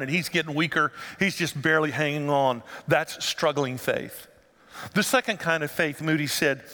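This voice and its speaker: A male pastor giving an animated sermon in a church sanctuary and asking the congregation rhetorical questions. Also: fairly high pitch. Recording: long hall reverb.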